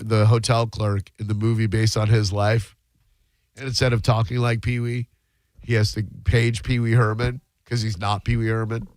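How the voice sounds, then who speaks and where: A man hosting a radio call-in show, joking dryly and firing back quick comebacks at callers. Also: lowish voice, a little mellow, clear, resonant tone, no room sound. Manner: wisecracking, dry and quick with comebacks. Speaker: radio host taking calls. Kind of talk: casual radio talk show banter.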